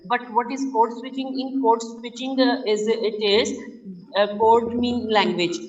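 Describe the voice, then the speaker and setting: A woman's voice: a little high, fairly even intonation, measured pace, darkish tone, muffled recording. A woman, a student answering her teacher hesitantly with many fillers.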